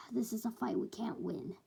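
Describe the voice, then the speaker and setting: A woman's voice: medium pitch, measured pace, vocal fry, warm tone, breathy edge, heavily acted. A woman voicing an irritable young man villain leader who talks curtly, in a fan-made storybook retelling. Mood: resigned.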